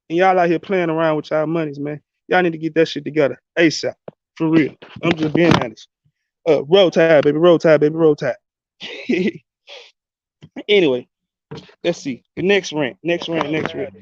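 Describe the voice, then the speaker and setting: A man with a fairly high voice rants bluntly about sports, talking straight to his viewers. The sound is dry and a bit dull, like a lo-fi home setup. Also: dry recording. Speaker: sports channel host. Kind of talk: casual sports rant.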